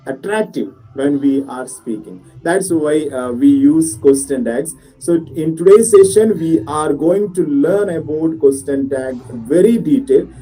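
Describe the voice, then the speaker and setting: Male teacher, Malayali English, dark mellow voice, classroom grammar lesson, mic set back with faint music. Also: a little high, distant mic, poor audio. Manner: explains patiently, checks understanding with students.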